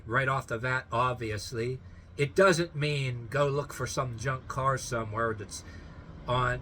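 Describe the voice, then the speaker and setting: A man rambles through a story in a bright, forceful voice, circling back and stopping himself mid-thought. He keeps breaking off to fight down a laugh, with a faint hiss of background noise under him. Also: medium pitch. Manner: rambling, full of fillers and restarts, stifling laughter. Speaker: vlogger telling a story.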